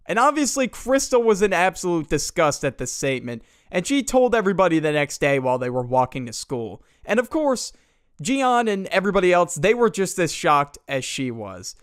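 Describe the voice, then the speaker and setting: Lively young man mocking a story. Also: sits high, moderate pace, smooth, no echo, studio quality. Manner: exasperated, mocking, casual slang. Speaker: storytime commentator. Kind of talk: comedic story narration.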